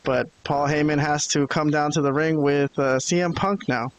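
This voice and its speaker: A man's voice: fairly high pitch, moderate pace, low-quality recording. A man co-hosting a podcast, recapping the week casually and acting out what people said. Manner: animated storyteller, acting out quotes. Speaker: podcast co-host. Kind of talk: casual wrestling recap chat.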